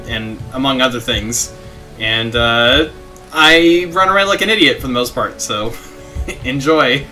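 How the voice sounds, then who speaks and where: In casual let's play commentary, a young gaming streamer chats, reads game text aloud, and laughs at his own antics. He has a mid-range voice with a sharp tone, and faint game music sits in the background.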